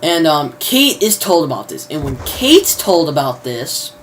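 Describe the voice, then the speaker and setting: A man's voice: fairly high pitch, big pitch swings, unhurried, fairly bright tone. Casual guy rambling thru a show recap, lots of ums and frickin, gets worked up, faint hiss behind. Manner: rambling, heavy fillers, mild cursing. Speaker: video reviewer.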